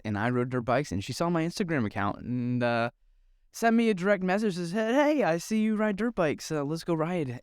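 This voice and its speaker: A man's voice: medium pitch, clean tone, no echo, studio quality. A young man hosting a podcast, telling a story in a chatty, self-deprecating way with lots of ums. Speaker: podcast host. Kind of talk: casual storytelling monologue.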